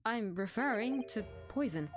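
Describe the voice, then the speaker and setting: A woman voicing an earnest young male defense lawyer in a game, reading deliberately. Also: on the high side, expressive, over music.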